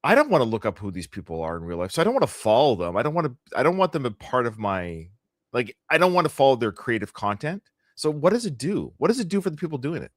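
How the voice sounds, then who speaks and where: A man's voice: medium pitch, big pitch swings, fast talker, dry recording, studio quality. A middle-aged Canadian man co-hosting a live podcast, chatting casually with a joking, rambling, sarcastic manner. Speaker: podcast co-host.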